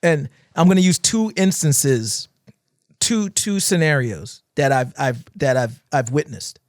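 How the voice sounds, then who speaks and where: Man, dance teacher, podcast chat, animated, swears a lot, dry close sound. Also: a little high, measured pace, dry recording. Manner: animated storytelling, acting out crowds and shouts, swears often. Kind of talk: casual podcast conversation.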